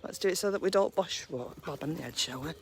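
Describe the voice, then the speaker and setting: A woman chatting casually on a live stream while walking her dogs in a park, cooing at them in a high baby voice. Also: expressive, fast, a little hiss or hum. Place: woodland park outdoors, early morning.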